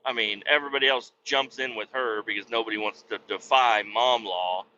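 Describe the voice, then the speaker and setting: A podcast host with a lowish, steady voice tells a story in a casual, profane rant, sounding brisk, bright, and forceful while acting out other people's voices. The recording is slightly muffled with faint hiss.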